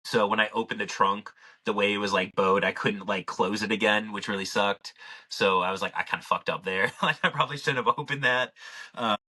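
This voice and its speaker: Low, bright-toned man telling a story. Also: a little fast. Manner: rambling, loose, heavy on "like" and swearing. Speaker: podcast co-host. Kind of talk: casual chat, telling a story.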